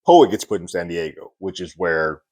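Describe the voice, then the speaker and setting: A man's voice: low-pitched, lively intonation, normal speed, darkish tone. A man casually recapping a TV episode, talking loosely with lots of "like" and restarts. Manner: loose, chatty retelling with frequent "like" and restarts. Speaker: TV reviewer.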